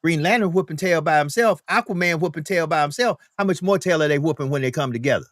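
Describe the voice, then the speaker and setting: A man hosts a live talk stream, preaching his point with heavy emphasis and repeated lines. His voice sits fairly high, and the mic is close and dry with no room at all. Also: quick pace, no echo. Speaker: host.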